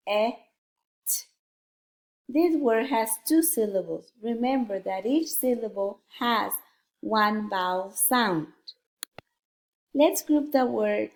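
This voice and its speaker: A woman teaching a phonics lesson to young children, sounding out letters one at a time in a slow, deliberate way. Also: on the high side, echoey room.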